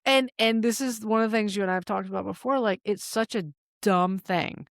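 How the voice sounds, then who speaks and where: Gravelly-voiced woman telling a story. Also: medium pitch, fairly quick, dry recording, studio quality. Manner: storytelling, animated, swears freely. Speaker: podcast co-host. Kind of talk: casual chat.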